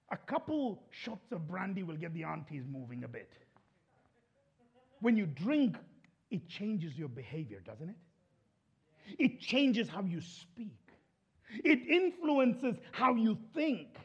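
A man preaching a sermon to a church congregation, chatting and asking the crowd questions, then building to impassioned shouting. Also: high voice, big pitch swings, measured pace, gravelly, pauses often, slightly rough, dull audio. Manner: conversational, asks the congregation questions.

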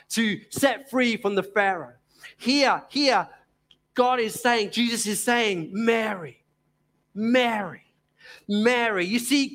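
A man with a Cockney accent from East London preaching a sermon in an earnest, gently emphatic way, pausing often. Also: sits high.

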